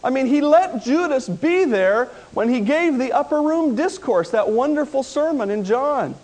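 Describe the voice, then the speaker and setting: A man preaching a sermon, retelling a story with dramatic swings between loud outbursts and quiet, hushed lines. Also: very high-pitched, animated, moderate pace.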